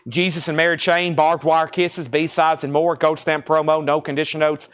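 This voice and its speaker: A man's voice: a little high, level tone, moderate pace, fairly bright tone, clear, resonant tone. A man with a Southern US accent hosting a live record sale, rattling off titles, conditions and prices. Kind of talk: live-stream auctioneering. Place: record shop.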